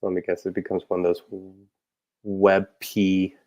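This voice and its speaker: A man's voice: deep voice, completely flat delivery, measured pace, a little mellow. A man chatting casually about his parody episode ideas, loose and rambling with lots of fillers, chuckling at his own jokes. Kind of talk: casual rambling talk to camera.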